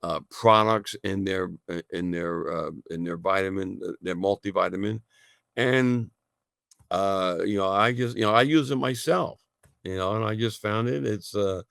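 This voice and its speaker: A man talking as a guest in a casual radio interview, halting, with many fillers and restarts. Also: low voice, gravelly, fairly bright tone, no echo, studio quality. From United States. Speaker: guest, natural health college founder.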